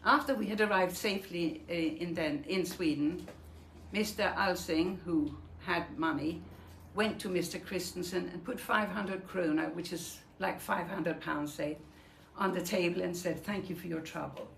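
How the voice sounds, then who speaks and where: An older Danish woman, a Holocaust survivor giving a talk, recounts her own wartime memories vividly and acts out the dialogue. Her voice is on the low side, creaky, and measured, heard in an echoey room with faint noise.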